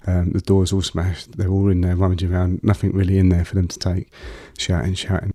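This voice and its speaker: A man telling a long personal story as an interview guest, halting with fillers and restarts. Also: sits low, flat delivery, mellow, breathy edge, dry recording, studio quality.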